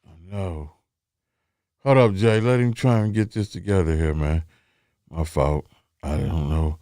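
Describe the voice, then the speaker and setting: A man's voice: deep voice, fairly even intonation, a little slow, dark tone, no room sound, studio quality. A man hosting a casual podcast, laid-back and slangy, joking his way through a technical hitch. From Cincinnati. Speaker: podcast host.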